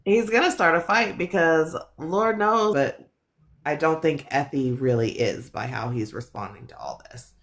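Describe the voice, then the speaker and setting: A woman's voice: low-pitched, a little slow. A woman hosting a live stream in casual chat, who laughs often and swears casually. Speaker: livestream host.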